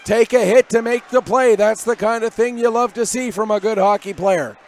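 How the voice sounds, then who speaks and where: A man doing live hockey play-by-play commentary from above the ice, with rapid, energetic calls that rise on big plays. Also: sits high. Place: arena broadcast position above the ice.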